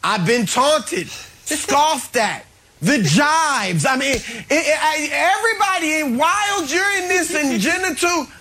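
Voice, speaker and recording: Male panel analyst, high bright voice, very animated, gloating and teasing. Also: takes it slowly. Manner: gloating, teasing, dramatic emphasis. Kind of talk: studio sports debate.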